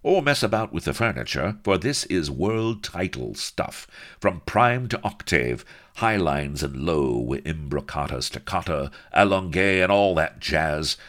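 A man's voice: low-pitched, very animated, measured pace, a bit bright. A man reading a story aloud with playful, theatrical storytelling. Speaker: audiobook narrator. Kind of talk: scripted narration.

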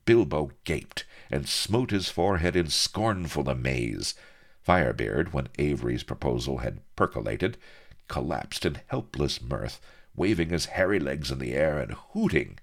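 Deep, gravelly male storyteller. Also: unhurried. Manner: expressive storytelling. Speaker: audiobook narrator. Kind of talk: scripted narration.

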